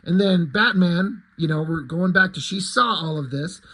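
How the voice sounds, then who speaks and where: A man's voice: sits high, moderate pace, sharp tone, rough recording. A middle-aged man giving a casual comic book review, rambling, sarcastic and swearing freely.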